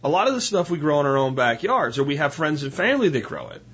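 Male podcast host, husky, mid-pitched, casual how-to talk, muffled lo-fi sound. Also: very animated, fast, a bit bright. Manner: chatty, instructional, with frequent "right?" asides.

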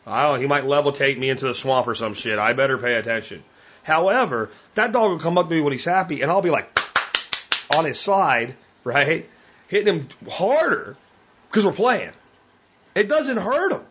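A man's voice: mid-range voice, fairly bright tone, slightly rough, highs cut off. A man hosting a podcast, talking casually and bluntly in a folksy way, often acting out what his dog is thinking. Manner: blunt, folksy, acts out his dog's thoughts. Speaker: podcast host. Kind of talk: casual monologue. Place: at home with his dog beside him.

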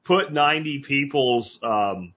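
A man hosting a podcast interview, talking in a blunt, animated, casual way with some cursing. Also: medium pitch, slow, dull audio. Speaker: podcast host.

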